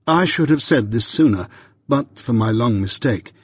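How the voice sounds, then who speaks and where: A man giving a measured, earnest first-person reading of a novel, as an audiobook narrator. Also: medium pitch, animated, breathy edge, no room sound, studio quality.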